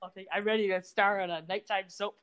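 A woman's voice: medium pitch, quick pace, smooth. A woman co-hosting a podcast, recapping a TV episode in casual chat with sarcastic asides and frequent laughs. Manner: animated, sarcastic, laughs often. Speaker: podcast co-host recapping a TV show.

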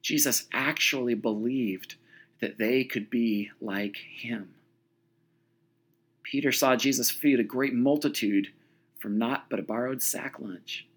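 A man preaching a sermon as a lively story, acting out the scenes as he goes. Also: medium pitch, slow pace, slightly rough.

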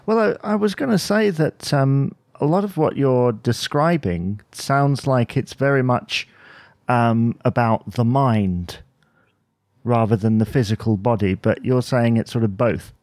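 A male podcast host asks his guest questions at a mid pitch, halting often with "um" and restarts. His voice sounds close and dry, with no room around it. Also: darkish tone, no room sound. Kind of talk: interview questions.

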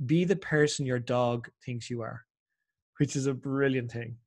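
A man's voice: mid-range voice, unhurried. An Irish man chatting casually as a podcast guest, telling stories and acting out the voices of people he quotes. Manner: animated storyteller, acts out quoted voices. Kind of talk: casual chat.

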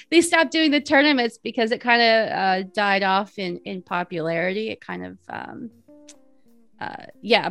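A woman's voice: mid-range voice, a bit bright, no room sound. A woman in her forties chats as a podcast guest, rambling and laughing often, with a mid-range voice. The sound is dry and close. Faint music sits underneath. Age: 40s. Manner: chatty, giggly, rambling with many fillers. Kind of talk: casual interview chat.

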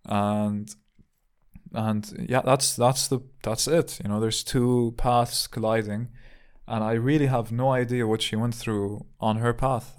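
A man's voice: fairly low pitch, a little mellow. A man hosting a podcast, telling a personal story in a candid, reflective way, often repeating words as he thinks. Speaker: podcast host. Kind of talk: casual storytelling monologue.

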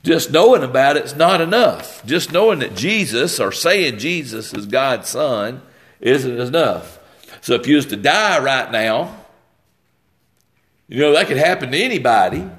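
A man's voice: medium pitch, very animated, a little slow, a bit bright. A man preaching a sermon, stumbling and repeating words as he reads scripture and explains it.

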